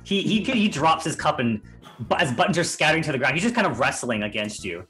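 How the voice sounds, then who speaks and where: A male game master whose voice swings widely in pitch as he narrates a tabletop adventure. He rambles loosely and breaks into laughter often. Faint music plays underneath. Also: sing-song, fast talker, bright, forceful tone.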